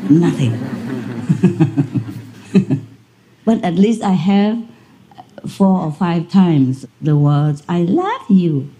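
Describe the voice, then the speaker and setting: A woman's voice: on the low side, drawn-out words, long pauses, warm tone. A woman spiritual teacher giving a conversational lecture, telling a story and laughing often. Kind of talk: lecture to an audience.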